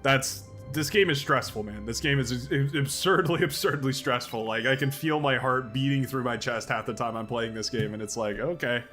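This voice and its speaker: Bright-voiced, chatty game streamer man. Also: mid-range voice, moderate pace, hardly any pauses, faint music behind. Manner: chatty, thinking aloud, excitable. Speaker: streamer playing a strategy game. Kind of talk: live game-stream commentary.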